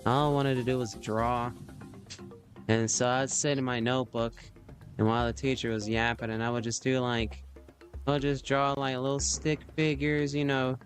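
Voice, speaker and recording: A man hosting a livestream, rambling casually as he draws, full of fillers and sound effects. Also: medium pitch. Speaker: livestream host drawing on stream. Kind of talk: casual storytelling while drawing.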